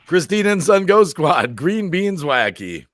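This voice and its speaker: An upbeat man hosting a casual live stream, his voice bouncing up and down with lots of life. He keeps repeating a catchphrase and reads viewer comments aloud, sitting a little above average in pitch and sounding dry and close. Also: very animated, unhurried, a bit bright, dry recording.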